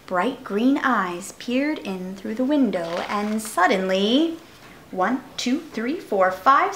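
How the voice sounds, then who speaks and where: Slow, expressive storytelling woman. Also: a little high, slight background noise. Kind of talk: children's picture-book reading. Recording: roomy echo.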